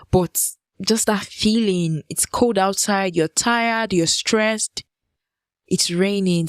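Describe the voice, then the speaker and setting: A woman hosting a podcast, telling a personal story in a casual monologue, animated and repeating phrases for effect. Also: dry recording, studio quality. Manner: animated, jumps up in pitch for emphasis. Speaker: podcast host.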